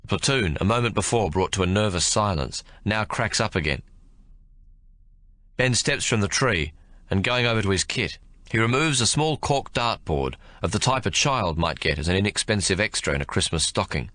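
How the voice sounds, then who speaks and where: A man reading an audiobook as narrator, expressive in his storytelling. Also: normal speed, no room sound. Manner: expressive storytelling with lively pitch. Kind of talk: scripted narration.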